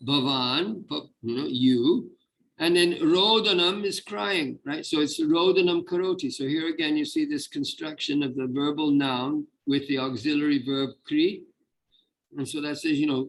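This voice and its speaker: A man with a fairly high speaking voice leads a relaxed online class, explaining things patiently and circling back on himself with fillers and restarts. A faint hiss sits under his voice on the call line. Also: a little slow, low-quality recording. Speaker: Sanskrit teacher. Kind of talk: casual online class teaching.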